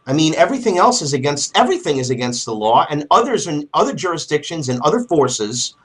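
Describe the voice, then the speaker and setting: A male talk show host speaks with impassioned emphasis. His voice is husky and sits fairly high. He drives his points forcefully. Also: big pitch swings, fast.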